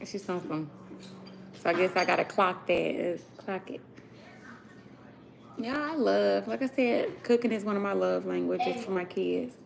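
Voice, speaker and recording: This vlogger mom, a woman in her thirties, speaks at a medium pitch and moderate pace, with vocal fry and frequent pauses. She chats casually to "y'all" from her kitchen about cooking for her kids while children talk in the background. Crowd noise is also audible, and the audio is poor.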